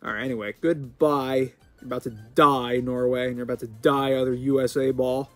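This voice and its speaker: An American man hosting a gaming channel, rambling through casual gameplay commentary with sudden loud outbursts. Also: medium pitch, fairly even intonation, fairly quick, faint music behind. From United States.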